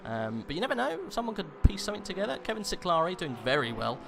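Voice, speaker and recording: Over a music bed and background noise, a man with a high-pitched, gravelly voice commentates an online sim race at a quick pace, his pitch swinging widely. It's live commentary with banter: he calls positions, rambles with fillers, and jokes playfully with his co-host.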